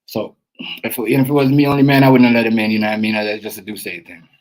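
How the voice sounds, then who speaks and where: A man hosting a casual livestream, talking straight to his chat in a streetwise, animated way that repeats itself a lot. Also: fairly low pitch, fast talker, low-quality recording. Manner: animated, repetitive, streetwise slang, addresses chat directly. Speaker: livestream host.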